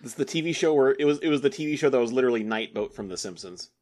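A man's voice: medium pitch, expressive, racing, darkish tone. Wry, sardonic man on a podcast. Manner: wry, sardonic, swears casually. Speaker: podcast co-host. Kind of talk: casual movie review chat.

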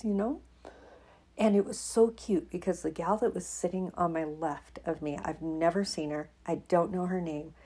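A woman's voice: fairly low pitch, steady tone, moderate pace, mellow, husky. A woman hosting a podcast, telling a personal faith story in an emotional way and laughing often as she talks. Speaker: podcast host.

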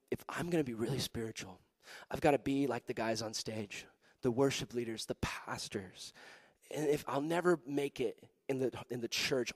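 A young man preaching to a youth group, telling a story with lively acted-out voices and frequent laughter. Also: mid-range voice, no room sound. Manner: animated, acts out voices in his story, laughs often. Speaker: pastor.

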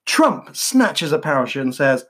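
A man's voice: on the high side, very animated, a little slow, a bit bright. A man co-hosting a comedy podcast, telling jokes in a playful, self-mocking way. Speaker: podcast co-host.

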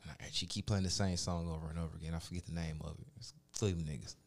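A man telling a story in casual podcast chat, profane and animated, acting out the people he quotes. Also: low-pitched, rapid-fire, gravelly.

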